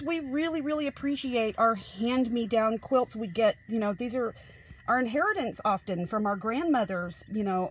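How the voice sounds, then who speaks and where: A woman chats her way through a tarot deck review, her voice sitting a little high and her pace slow and easy. She rambles, interrupts herself, and bursts into gushing exclamations. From Ozarks, United States. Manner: chatty, rambling, self-interrupting. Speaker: tarot reader.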